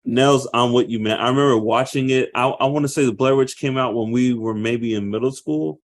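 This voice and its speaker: A man in his thirties co-hosting a casual podcast chat, talking in an animated way and bursting into loud acted quotes. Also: mid-range voice, a little fast. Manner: animated, acts out movie quotes with loud outbursts. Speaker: podcast co-host.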